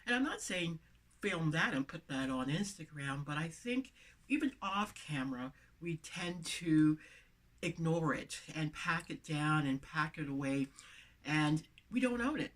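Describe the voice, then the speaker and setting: A woman's voice: deep voice, expressive, a little slow, a bit bright. Woman with a lisp, emphatic motivational vlogger. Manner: emphatic, repeating phrases for emphasis. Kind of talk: motivational talk to camera. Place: inside a van.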